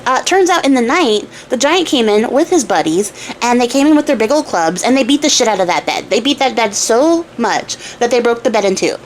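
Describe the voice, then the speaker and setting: A young woman retells an old fairy tale in a loose, chatty way, tossing in irreverent asides as she goes. Her voice sits a bit high, with a faint hum of room ambience behind it. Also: expressive, a little fast, few pauses, low-quality recording. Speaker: craft channel host.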